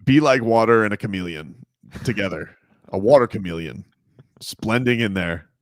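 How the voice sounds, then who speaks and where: A man's voice: lowish voice, expressive. A man co-hosting a sports radio show, bantering casually with jokey asides. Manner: jokey, riffing, quick asides.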